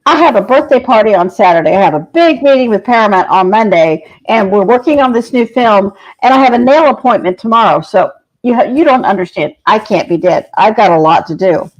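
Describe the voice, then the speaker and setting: A woman's voice: medium pitch, expressive, brisk, few pauses, natural voice. A woman acting out a frustrated, bewildered woman who does not know she has died, in a dull lo-fi recording. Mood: pleading. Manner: irritated, bewildered. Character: flustered dead woman producer in denial.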